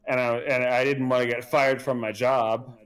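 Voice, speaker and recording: A man with a middle-pitched voice, rambling through a story at home. He swears freely and fills every pause with "like" and "uh." The talk is loose and unscripted, the way a podcast co-host chats on a live stream. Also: flat delivery, fairly bright tone, clear, resonant tone, low-quality recording. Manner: profane, rambling, many fillers. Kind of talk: casual storytelling.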